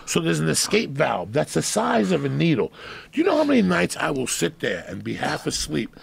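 A man in his fifties from New Jersey, telling loud, profane stories on a podcast with a gravelly voice. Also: a little high, brisk. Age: 50s. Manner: loud, profane, animated storytelling. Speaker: podcast guest. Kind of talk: casual chat.

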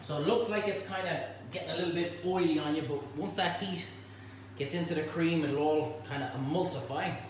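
Chatty cooking host in an echoey kitchen. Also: male voice, on the high side, brisk, far from the mic, a little hiss or hum. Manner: chatty, jokey, talks to helpers while cooking. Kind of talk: casual cooking demonstration. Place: home kitchen.

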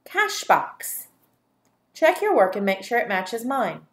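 A woman teaching a phonics dictation lesson, speaking deliberately and sounding out each syllable for young learners. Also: fairly high pitch, sing-song.

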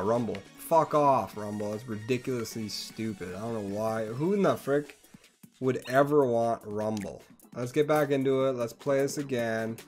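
Young male streamer for PC gameplay, foul-mouthed, veers from low muttering to shouting. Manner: swings between mumbling asides and yelling outbursts. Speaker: gaming channel host. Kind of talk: profane gameplay commentary.

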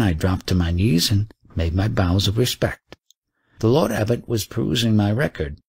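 A man reading a first-person memoir aloud as an audiobook narrator, in a measured storytelling way. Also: fairly low pitch, creaky, a little mellow, breathy edge, dry recording, studio quality.

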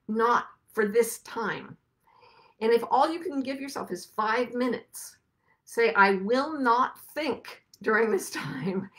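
A woman's voice: medium pitch, low-quality recording. Tearful earnest woman host. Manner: earnest, emotional, softly repetitive. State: tearful, on the verge of crying. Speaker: podcast host. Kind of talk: reflective spiritual talk.

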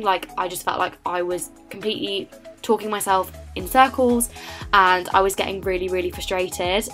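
Chatty English teenage girl vlogging. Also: medium pitch. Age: late teens. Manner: chatty, animated, lots of fillers. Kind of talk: casual study vlog voice-over.

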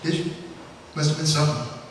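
A man with a fairly high voice speaks briskly and in a monotone, telling folksy anecdotes with frequent fillers during a public history lecture. He's recorded from far off in an echoey lecture hall, with a little hiss or hum.

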